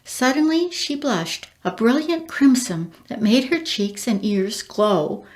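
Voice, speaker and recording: A woman narrating a storybook in an expressive, measured reading voice. Her pitch sits a bit above the usual for a woman.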